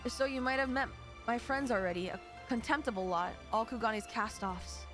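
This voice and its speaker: A woman voicing a cocky, smooth-talking male rogue in a put-on British accent, reading game dialogue on stream. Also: on the high side, moderate pace, over music, natural voice. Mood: roguish. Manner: jaunty, slangy, reading game dialogue aloud.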